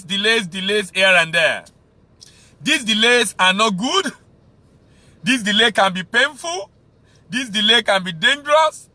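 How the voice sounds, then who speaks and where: A man's voice: sits high, pushed and bright. Emphatic Nigerian man teaching export trade. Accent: Nigerian English. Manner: emphatic, repeats key phrases for stress. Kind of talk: teaching talk on export business.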